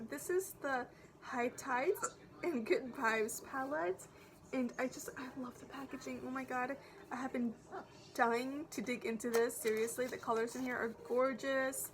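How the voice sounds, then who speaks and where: A woman vlogging about makeup in a gushing, excitable way, sometimes dropping to a whisper, while she has the hiccups. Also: a little high, slight background noise. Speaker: beauty vlogger. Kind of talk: casual makeup vlog.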